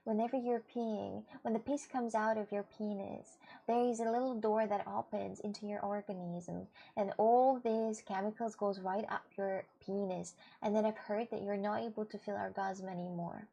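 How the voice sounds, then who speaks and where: A woman's voice: medium pitch, steady tone, moderate pace, vocal fry, hardly any pauses, dark tone. A woman streaming live, chatting playfully with her viewers and teasing them with mock-serious claims. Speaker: streamer reading chat. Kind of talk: casual live-stream chat.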